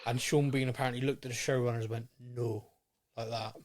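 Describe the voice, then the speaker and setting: A man's voice: medium pitch, steady tone, racing, darkish tone. A man co-hosting a podcast, chatting in a casual, rambling and enthusiastic way. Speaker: podcast co-host. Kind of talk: casual chat.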